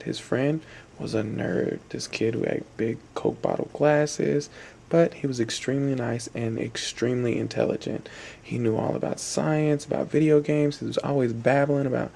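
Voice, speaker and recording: A man's voice: medium pitch, vocal fry, dark tone, slight background noise. A young adult man telling a long story in a rambling, repetitive way, with fillers and restarts. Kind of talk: spoken storytelling.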